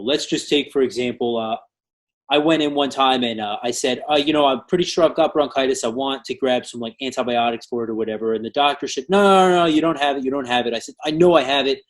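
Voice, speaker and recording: A man hosting a podcast who tells an anecdote in a relaxed, casual way full of fillers. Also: medium pitch, fast talker. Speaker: podcast host.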